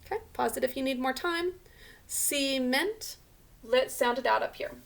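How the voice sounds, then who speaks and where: Patient teacher sounding out letters. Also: female voice, sits high, lively intonation, moderate pace, gravelly. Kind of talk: remote spelling lesson for children.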